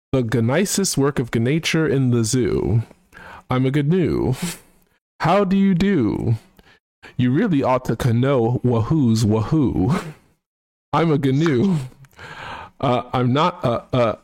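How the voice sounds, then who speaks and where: Guy doing a snooty posh british dude singing a silly song, higher than his own voice, dry sound. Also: darkish tone, dry recording. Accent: put-on upper-class British.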